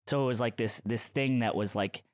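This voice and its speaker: A man co-hosting a podcast in casual chat, teasing the others with quick comebacks. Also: medium pitch. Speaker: podcast co-host.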